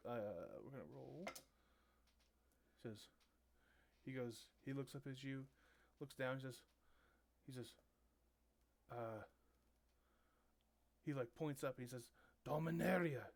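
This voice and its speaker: A man narrating a tabletop game as game master, halting and full of fillers. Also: medium pitch, a little mellow. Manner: halting, many fillers and restarts.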